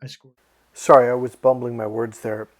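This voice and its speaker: A man's voice: mid-range voice, flat delivery, normal speed. A man from Wisconsin talking to camera in a rambling, profane, self-correcting monologue about self-help. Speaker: self-help video host. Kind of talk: casual monologue.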